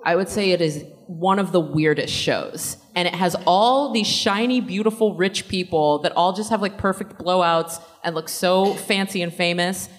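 A woman's voice: on the low side, moderate pace, hardly any pauses. A woman answering fan questions at a convention panel in a casual, rambling way, laughing often. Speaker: panel guest actor.

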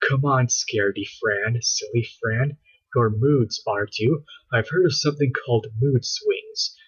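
A man's voice: medium pitch, slightly rough, muffled recording. A man doing a bossy girl mad scientist. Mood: determined. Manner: brisk, matter-of-fact, near his own voice.

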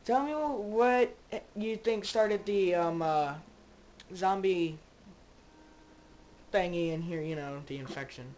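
A woman's voice: on the low side, takes it slowly, long pauses, darkish tone, dull audio, slight background noise. A woman giving casual let's-play commentary, rambling and joking as she talks to her game characters. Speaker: gamer playing a zombie survival game.

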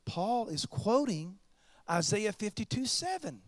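A man preaches to his congregation, his voice sitting high for a man. He slips into chatty, joking asides between points. The sound is close and dry with no room echo. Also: sing-song, measured pace. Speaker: pastor. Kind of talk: sermon.

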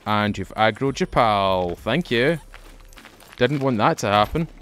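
A man's voice: fairly low pitch, measured pace, noisy background. A Scottish man playing a survival game, chatting playfully with viewers and joking as he plays. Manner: jokey, excitable, talks to viewers. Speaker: gaming video host. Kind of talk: playful let's-play commentary.

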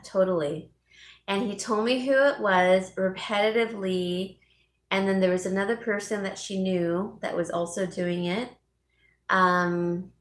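A woman's voice: medium pitch, fairly bright tone, echoey room. A woman hosting a casual live vlog from home, chatting with viewers by name and laughing often. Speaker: YouTube host.

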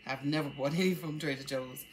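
A middle-aged woman talking casually at home in a haul vlog, chatty and halting, with many ums. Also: deep voice, fairly even intonation, slight background noise. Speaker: vlogger.

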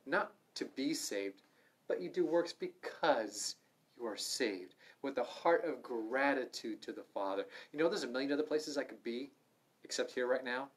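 A man's voice: mid-range voice, expressive, normal speed. Fervent man leading a Bible study, mid-range voice, punchy emphasis. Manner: fervent, emphatic preaching with sudden loud stresses. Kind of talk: livestreamed Bible study preaching. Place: room in an assisted living home.

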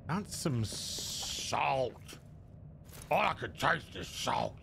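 A man's voice: mid-range voice, expressive, very slow, gravelly, background noise. A man giving casual let's-play commentary as a gaming host, muttering to himself and swearing now and then.

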